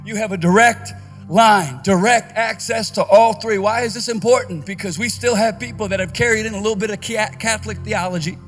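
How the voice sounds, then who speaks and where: High-voiced preacher, fast and fiery. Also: male voice, faint music behind. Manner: energetic preaching, rising to shouts. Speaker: pastor. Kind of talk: conference sermon. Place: conference stage.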